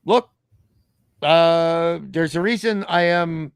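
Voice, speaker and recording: Excitable high-voiced man, dry close sound. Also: slow pace, smooth, no room sound. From Australia. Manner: excitable, jokey, laughing often. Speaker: podcast co-host. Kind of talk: casual comedic chat.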